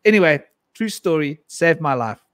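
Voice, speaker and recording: A man's voice: fairly high pitch, lively intonation, measured pace, no room sound, clean studio sound. A middle-aged man on a live panel, telling a rambling personal story, laughing often and acting out what people said. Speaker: panel guest.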